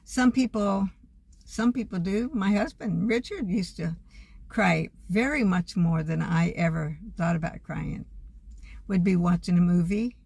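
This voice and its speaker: An older woman talking to camera in a homespun, earnest way, gently sharing her faith. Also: fairly low pitch, measured pace, vocal fry, slightly rough, no room sound. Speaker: vlogger. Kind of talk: casual reflective monologue.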